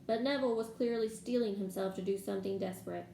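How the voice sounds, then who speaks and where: A woman reading a novel aloud to listeners in steady storytelling manner, in an echoey room. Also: medium pitch, quick pace, gravelly. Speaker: reader. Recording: echoey room, faint background noise.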